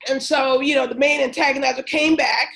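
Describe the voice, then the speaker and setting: A woman's voice: high-pitched, fairly quick, creaky, rough recording. A woman, a former teacher and coach, telling a story in a casual interview and acting out what people said. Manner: animated, acts out quoted voices.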